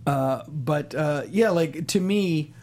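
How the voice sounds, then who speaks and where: A man in his fifties, a stand-up comedian, chatting as an interview guest in a halting way with many restarts. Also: on the high side, darkish tone. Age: 50s. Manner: halting, full of restarts and fillers. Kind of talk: casual interview chat.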